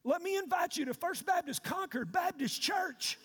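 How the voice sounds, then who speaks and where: Pastor man yelling a sermon, high voice swinging all over, big echoey church. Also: lively intonation, moderate pace. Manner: preaching with loud shouted call-and-response. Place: church sanctuary. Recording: long reverb of a large hall.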